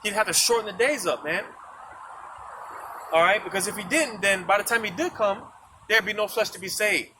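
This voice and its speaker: A man preaches on an open street in a loose, conversational style. He circles back over his points and checks in with his listeners as he goes. His voice sits high, and the recording is full of loud passing traffic. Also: moderate pace, long pauses. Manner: repetitive, conversational, frequent "man" and "you see". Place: outdoors on a street. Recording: noisy outdoor street recording. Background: traffic noise.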